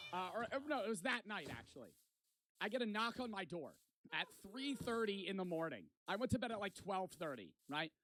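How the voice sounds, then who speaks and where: A man's voice: high-pitched, a little hiss or hum. A young man streamer telling a rambling, profane story to his chat in a casual way. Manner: rambling, profane, animated retelling.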